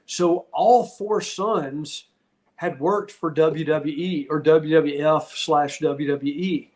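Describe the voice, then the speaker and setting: Middle-aged man, podcast guest; candid, rambling storyteller with a slightly high voice. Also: takes it slowly. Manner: candid, rambling, heartfelt, with frequent restarts. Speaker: podcast guest, retired wrestler. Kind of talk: casual interview storytelling.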